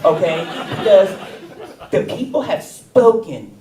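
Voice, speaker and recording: A man's voice: sits high, sing-song, dark tone, pitched above the performer's own voice, full character voice. This is an earnest young politician with a kid-like voice, as a man puts her on. She rattles off her words. The sound is distant and echoey. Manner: fast talking in a sixth-grade voice. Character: impression of a young congresswoman, fast and childlike. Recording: roomy theater sound, distant mic.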